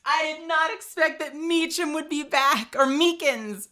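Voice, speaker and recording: A young woman streaming a game, chatting casually, with excitable, swearing reactions. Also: high-pitched, measured pace.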